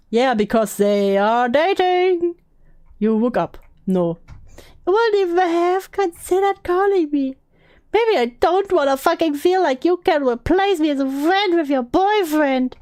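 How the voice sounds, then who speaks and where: A woman's voice: high voice, darkish tone, dry recording. A woman voicing a clingy, apologetic young man, reading his messages in a mock plaintive whine. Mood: bitter.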